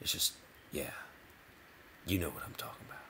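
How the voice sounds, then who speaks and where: With a sharp tone at normal speed and slight background noise behind him, this man gives casual commentary over a video game. As a gaming video host, he rambles and interrupts himself mid-sentence, restarting in a playful way.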